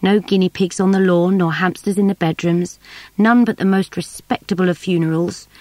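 A woman narrating a novel in measured storytelling. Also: lowish voice, fairly even intonation, darkish tone, no echo, poor audio. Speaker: audiobook narrator. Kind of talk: scripted narration.

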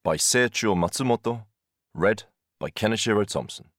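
A very deep male voice reading an audiobook in a measured, even way. The sound is dry and close, with no room echo at all. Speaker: audiobook reader. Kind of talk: scripted audiobook narration.

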